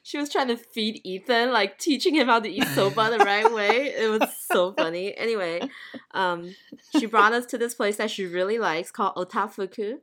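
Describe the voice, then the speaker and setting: A woman's voice: mid-range voice, normal speed, a bit bright. A woman co-hosting a podcast, chatting casually, laughing often and trailing off into fillers and restarts. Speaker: podcast co-host. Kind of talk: casual chat.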